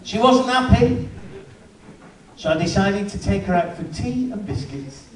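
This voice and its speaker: A man's voice: high-pitched, measured pace. A man in his fifties doing a stand-up routine at a live venue, telling stories with dry timing and chatting with the audience, heard from far off in a roomy hall. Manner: dry storytelling, chats with the audience. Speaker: stand-up comedian.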